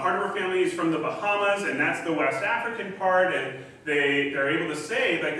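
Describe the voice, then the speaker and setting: A man's voice: a little high, sharp tone. A man preaching a sermon as pastor, in a casual, chatty way with frequent ums and restarts. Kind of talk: conversational sermon. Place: church sanctuary. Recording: very echoey hall, distant mic, faint hiss.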